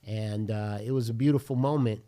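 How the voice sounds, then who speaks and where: A man's voice: on the low side, fairly even intonation, moderate pace, dark tone. Earnest male pastor telling a story. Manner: earnest, vivid retelling with reenacted dialogue. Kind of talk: casual podcast chat, storytelling.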